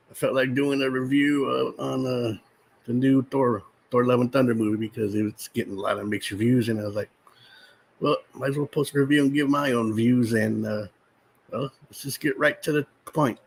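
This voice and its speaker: A man talks through a casual movie review vlog, rambling and doubling back on his sentences. His voice is gravelly at a middling pitch, and he sounds incredulous and exasperated. A faint hiss of noise sits behind him. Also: steady tone, a little fast, poor audio. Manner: rambling, restarts often, talks while eating popcorn.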